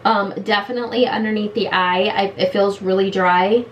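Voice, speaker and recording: A woman's voice: medium pitch, fairly even intonation, normal speed, muffled recording, a little hiss or hum. A woman in her late thirties doing a casual makeup review at home in her bedroom, talking frustrated and blunt. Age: late 30s. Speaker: beauty vlogger.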